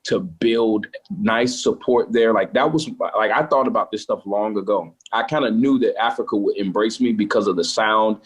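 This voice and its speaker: A man, a gospel singer, talking casually in an interview, turning animated and preacher-like when excited. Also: lowish voice, normal speed, few pauses, breathy edge.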